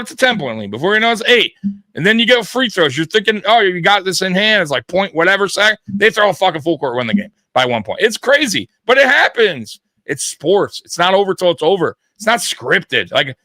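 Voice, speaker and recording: A man hosting a casual sports talk show, profane and quick to laugh. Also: fairly high pitch, sharp tone, no room sound. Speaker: podcast host.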